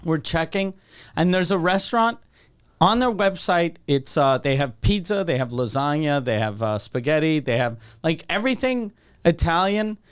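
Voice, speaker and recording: A man's voice: a little high, expressive, clean tone. A young man co-hosting a podcast. He tells a story casually, swears and stops to restart sentences. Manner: profane, halting, with restarts and dry asides. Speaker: podcast co-host.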